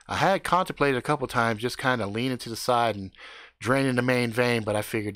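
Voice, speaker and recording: A man improvising a crude comedic story, animated and playful, recorded close on a mic. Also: mid-range voice, brisk, dry recording.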